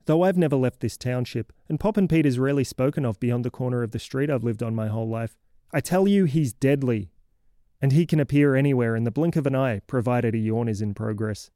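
A cranky, exasperated townsman voiced by a man scolds a kid with heavy sarcasm in a comic horror monologue. His voice is mellow and warm, recorded close and dry with no room sound. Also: medium pitch, fairly quick, no room sound, natural voice. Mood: mocking. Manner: exasperated, mocking, lecturing.

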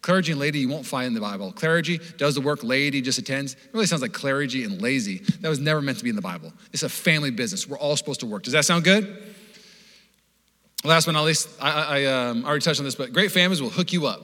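A young man from Washington state preaching a sermon as pastor, animated and joking in a conversational way. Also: mid-range voice, fast talker. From Washington state, USA. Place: church hall. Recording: long hall reverb.

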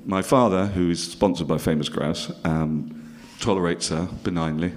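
A man's voice: deep voice, steady tone, moderate pace. A middle-aged man from northern England telling a stand-up story with dry, self-mocking asides to the audience. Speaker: comedian.

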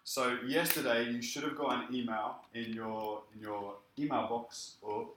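A man preaching a sermon and telling his own story in a lively way. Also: mid-range voice, measured pace, reverberant, a little hiss or hum, poor audio. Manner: lively storytelling, acting out quoted speech. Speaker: pastor. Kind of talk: sermon with personal testimony.

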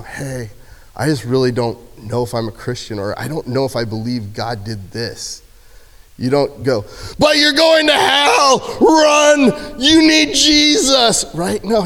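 A man preaches to a youth group in a casual, joking way, now and then acting out a shouted line for effect. His voice sits at a mid pitch and carries a long reverb from the church hall. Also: normal speed. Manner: casual, jokey, acts out shouted quotes. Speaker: youth speaker. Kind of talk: youth sermon. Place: church sanctuary. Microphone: handheld microphone.

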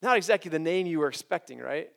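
High-voiced man preaching animatedly. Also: quick pace, gravelly. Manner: animated, restarts often, asks rhetorical "right?". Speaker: campus preacher. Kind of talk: sermon to college students.

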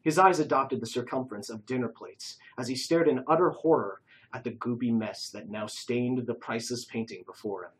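A narrator reading a comic caper story aloud, expressive and lively. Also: mid-range voice, a little fast, husky, rough recording.

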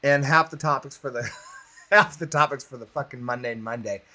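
A man's voice: medium pitch, fairly quick, pushed and bright. A man co-hosting a casual podcast, ranting with heavy profanity and self-deprecating jokes. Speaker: podcast co-host.

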